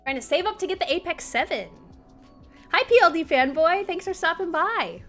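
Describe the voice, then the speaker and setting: Her voice is extremely high, animated and fairly bright, moving at a normal speed. This young woman is a community manager running a casual livestream, chatting away to viewers and cooing at her dog in baby talk while faint music plays.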